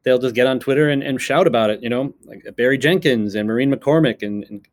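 A man's voice: medium pitch, fairly quick. A man, a co-creator and writer of a TV series, talking casually in an interview, rambling with fillers and restarts and sometimes acting out other people's voices. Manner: acts out quoted voices of others.

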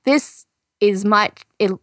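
A woman's voice: mid-range voice, slow pace, a bit bright, no echo. A woman co-hosting a casual science podcast, chatty and full of "you know" fillers. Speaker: science news co-host.

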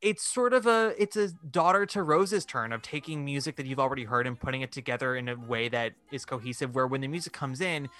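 A man co-hosting a casual podcast chat. He is animated and fills his talk with "like", acting out quoted reactions. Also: medium pitch, a little fast, few pauses. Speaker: podcast co-host. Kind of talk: casual chat about musical theatre.

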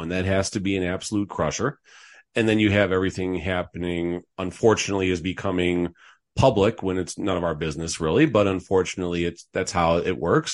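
A man co-hosting a casual hockey talk show, easygoing and prone to repeating words as he starts a thought. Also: sits low. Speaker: sports talk co-host.

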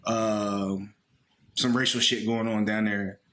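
A man's voice: on the low side, little pitch movement, slow pace, fairly bright tone, a little hiss or hum. A man, co-hosting a podcast in blunt, profane casual chat. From Philadelphia. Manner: blunt, profane, hesitant with fillers. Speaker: podcast co-host.

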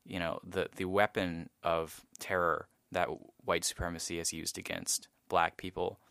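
A man co-hosting a podcast, talking thoughtfully with many pauses and ums. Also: low-pitched, level tone, vocal fry, fairly bright tone, clean tone, dry recording, studio quality. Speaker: podcast co-host. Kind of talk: casual discussion.

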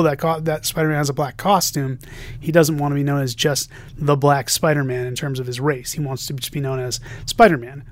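A man co-hosting a podcast, reading listener messages aloud and joking about them in casual chat. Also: on the high side. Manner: jokey, reads quotes aloud with playful emphasis. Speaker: podcast co-host.

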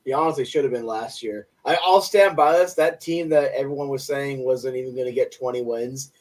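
A young man co-hosting a sports podcast rattles off quick stat rundowns in a mid-range, slightly mellow voice. His casual chat is enthusiastic and opinionated, and he sounds a bit distant from the mic.

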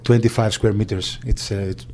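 A man with a Greek accent recalling events in an interview, halting speech with many fillers and restarts. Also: fairly low pitch, fairly even intonation, noisy background. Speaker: agent. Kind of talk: interview recollection.

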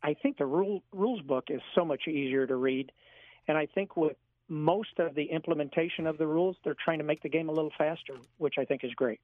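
A man answering interview questions as a golf club professional, measured and matter-of-fact, on a phone line. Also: a little high, no echo.

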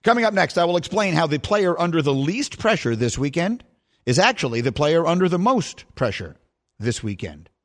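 A man's voice: fairly high pitch, big pitch swings, moderate pace. A male sports radio host delivering emphatic, scornful commentary.

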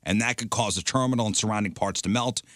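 A man's voice: fairly low pitch, quick pace, fairly bright tone, no room sound, studio quality. A man co-hosting a casual talk show who reads out news items in a matter-of-fact way. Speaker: radio show co-host reading news items.

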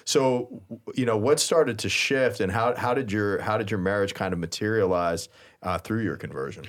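A man's voice: lowish voice, normal speed. A man hosting a talk show who asks his guest questions and often chimes in with approving interjections. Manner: affirming, frequent approving interjections. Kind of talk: podcast interview.

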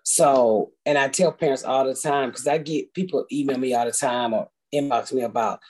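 Woman, middle-aged, from the US, husky, mellow voice, blunt profane storyteller. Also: a bass voice, moderate pace. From United States. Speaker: podcast guest. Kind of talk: casual chat.

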